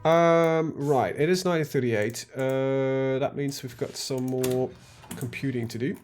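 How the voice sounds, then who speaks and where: Faint music plays behind a man streaming a strategy game in a steady, unhurried, medium-pitched voice with a darkish tone. He thinks aloud to himself and his chat, full of ums and casual swearing.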